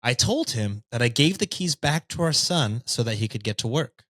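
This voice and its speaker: Lively man reading a story aloud. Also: mid-range voice, moderate pace, no echo. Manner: lively, reads with jokey asides. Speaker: podcast host reading stories.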